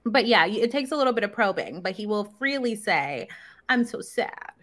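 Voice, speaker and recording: A woman's voice: medium pitch, big pitch swings, a little fast, fairly bright tone. A woman guest who works with young children, talking casually in an interview with plenty of fillers. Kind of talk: conversational interview.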